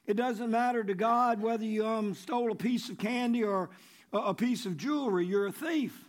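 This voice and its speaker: A man preaching a sermon in a conversational way, repeating key phrases and dropping low before rising for emphasis. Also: moderate pace. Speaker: pastor.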